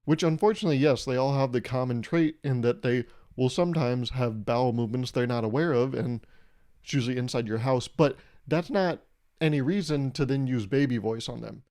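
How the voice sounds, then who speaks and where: A man's voice: medium pitch, brisk, a little mellow. A young man hosting a podcast, rambling through a wry comedic monologue and swearing casually. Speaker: podcast host.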